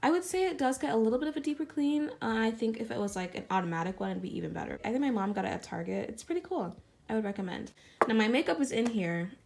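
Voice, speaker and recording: A woman's voice: a little high, quick pace, vocal fry, a little hiss or hum. A young woman vlogger chatting casually through her morning makeup routine, her voice groggy from just waking up. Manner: chatty, rambling, relaxed. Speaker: beauty vlogger. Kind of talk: casual get-ready-with-me chat.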